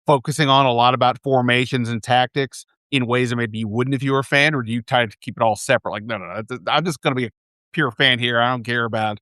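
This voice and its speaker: A man's voice: medium pitch, steady tone, fast, fairly bright tone, no room sound, clean studio sound. A man hosting a sports podcast in casual chat, rambling and restarting often as he thinks aloud. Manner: rambling, self-correcting, many restarts. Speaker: podcast host.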